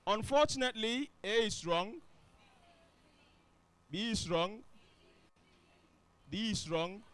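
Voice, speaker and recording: A man's voice: high-pitched, animated, takes it slowly, fairly bright tone. A man teaching grammar to a classroom, often asking the students if they follow. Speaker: English teacher. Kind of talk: classroom lesson.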